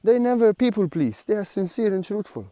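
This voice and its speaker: A man's voice: high voice, very animated, a little fast, mellow, no room sound. A man giving a spiritual teaching monologue, earnest and repetitive, with slightly unidiomatic phrasing.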